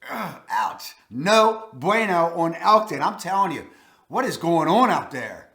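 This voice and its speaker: A man's voice: a little high, big pitch swings, measured pace, fairly bright tone. A man in his forties with a Baltimore accent, hosting a blunt, folksy countdown of places to live. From Maryland. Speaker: real estate video host. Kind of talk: casual countdown commentary. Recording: echoey room.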